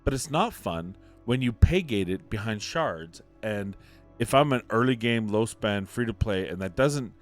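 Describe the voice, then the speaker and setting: A man's voice: on the low side, animated, measured pace, soft background music. A man giving opinionated commentary on a mobile game, emphatic and ranting, repeating points for emphasis. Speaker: mobile game content creator.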